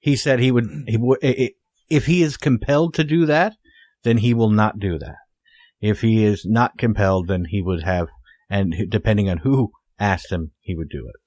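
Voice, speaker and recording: A man co-hosting a podcast in casual chat, explaining hesitantly with many filler pauses. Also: on the low side, a little mellow, no room sound. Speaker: podcast co-host.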